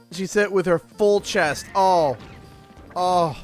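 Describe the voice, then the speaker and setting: A man casually chatting and joking on a game livestream, animated and full of mock outrage. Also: high-pitched, takes it slowly, faint music behind. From Canada. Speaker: streamer. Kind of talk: casual livestream chat while gaming.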